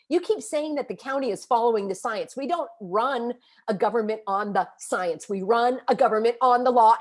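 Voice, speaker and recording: An upset, agitated woman, a vlogger and activist, rants directly to her viewers on camera. Her high voice swings widely as she scolds and calls people out, pressing every point with emphatic indignation.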